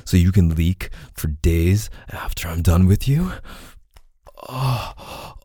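A man speaking in an intimate audio role-play, low and murmuring, breathy with soft moans, close to the mic. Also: expressive, unhurried, no echo.

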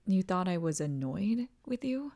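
A woman in a whispered role-play as a doting partner, talking softly and tenderly and often dropping into whispers. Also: lowish voice, big pitch swings, a little slow. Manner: soft, tender, soothing, slips into whispers. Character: doting, reassuring partner comforting the listener.

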